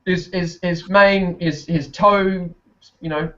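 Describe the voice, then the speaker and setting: A man's voice: sits high, fairly even intonation, slow pace, sharp tone, muffled recording. A man with a South Australian accent, a podcast guest telling rambling stories, swearing heavily and laughing often. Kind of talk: casual chat.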